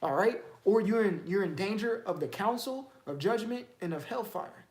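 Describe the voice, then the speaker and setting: A man's voice: sits high, animated, moderate pace, roomy sound. A man teaching the Bible in a casual, streetwise way, firing off emphatic rhetorical questions.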